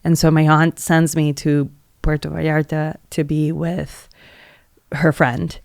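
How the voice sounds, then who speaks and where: Earnest gravelly-voiced woman telling a story. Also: sits low, little pitch movement, slow, a little mellow, no room sound, clean studio sound. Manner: heavy use of "like" as filler; earnest, emotional retelling. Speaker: podcast guest, energy healer. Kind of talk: casual personal storytelling.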